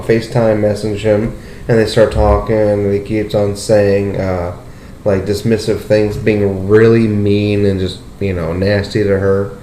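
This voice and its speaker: A young man hosting a casual podcast chat, telling a story with lots of "like" and "dude" and jumping up in pitch when he gets excited. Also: a little hiss or hum. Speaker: podcast host. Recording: roomy echo.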